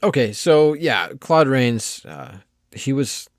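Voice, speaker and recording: A man co-hosting a film podcast, easygoing and thinking out loud with many fillers. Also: mid-range voice, expressive, slow, dry recording, studio quality. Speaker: podcast co-host. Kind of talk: casual chat reviewing a film.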